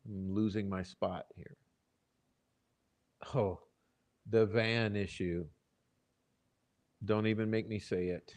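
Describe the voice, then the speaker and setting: A middle-aged man hosting a live stream, swearing freely and swinging from loud outbursts to low muttering. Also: steady tone, slow pace, pauses often. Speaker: channel host. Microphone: desk microphone.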